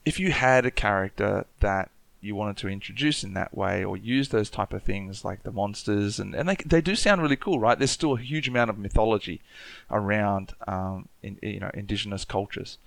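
A man's voice: on the low side, moderate pace, gravelly, fairly bright tone, dry recording. An Australian man with an Aboriginal Australian accent, talking thoughtfully in a casual panel discussion, with many restarts. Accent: Aboriginal Australian English.

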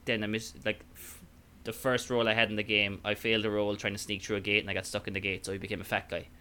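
Irish man, casual chat, bright tone, rambling with fillers. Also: fairly low pitch, little pitch movement, quick pace, smooth. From Ireland. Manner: rambling, full of fillers and restarts. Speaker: podcast guest, tabletop player.

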